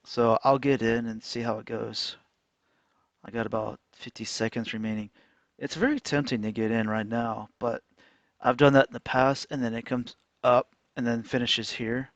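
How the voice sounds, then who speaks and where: A man ranting casually while trading on a chart, animated and mocking. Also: medium pitch, normal speed, no echo. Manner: animated, mocking voices, frequent laughs. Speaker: trading vlogger. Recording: dull lo-fi dry sound.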